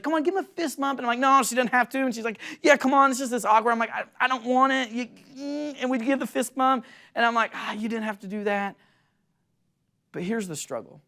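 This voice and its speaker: With a fairly high-pitched voice, a young adult pastor preaches with earnest animation, voicing quotes excitedly as he tells his stories.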